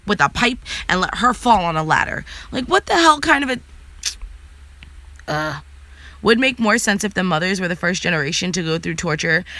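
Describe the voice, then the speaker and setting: Young woman vlogger, sassy and blunt, bright tone, dry close sound. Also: on the low side, dry recording. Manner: blunt, sassy, swears freely. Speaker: vlogger answering live chat. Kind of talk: casual live chat.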